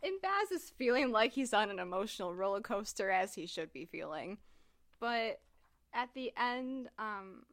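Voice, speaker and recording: A woman's voice: medium pitch, sing-song, moderate pace, fairly bright tone, no room sound, clean studio sound. A woman recapping a book in casual podcast chat, talking loosely with lots of "like" and "um.". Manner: chatty, heavy use of "like" and "um". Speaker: podcast co-host discussing a book.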